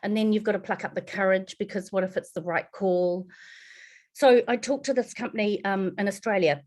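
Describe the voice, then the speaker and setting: A woman with a New Zealand accent and a mid-range voice appears as a podcast guest, candidly sharing her adoption story at a normal speed. She's lively, swears, and acts out the voices of people in the story.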